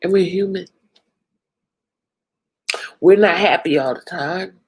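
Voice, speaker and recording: A woman hosting a live stream, tearful and crying as she talks to her viewers, apologetic and emotional, pausing often and sighing. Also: fairly low pitch, husky, rough recording. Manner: slow, emotional, apologetic, drawn-out pauses and sighs. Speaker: livestream host.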